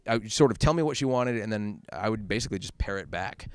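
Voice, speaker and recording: A man tells his stories at a brisk clip, full of restarts and asides. His voice sits a little low and comes through smooth and clean. The sound is dry and close, with no room around it. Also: no echo. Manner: quick, animated storytelling with many restarts and fillers. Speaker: voice actor guest. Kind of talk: casual interview chat. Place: convention interview room.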